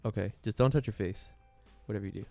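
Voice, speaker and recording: A man's voice: on the low side, quick pace, a little mellow, faint music behind. A young man casually asking questions during a hot wing challenge, upbeat and teasing. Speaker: youth group co-host.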